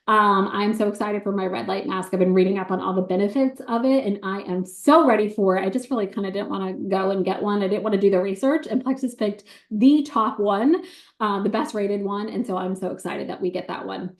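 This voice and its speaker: A woman giving an excited, bubbly sales pitch on a video call, talking fast with many ums. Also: echoey room.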